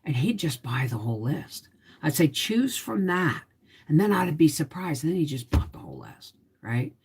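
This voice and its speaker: Woman, 50s, livestream host, weary confiding ramble, deep voice. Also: lively intonation, fairly quick, darkish tone, husky. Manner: confiding, rambling storyteller who greets viewers. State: emotionally tired. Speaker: homestead vlogger hosting a livestream. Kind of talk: casual live-stream chat.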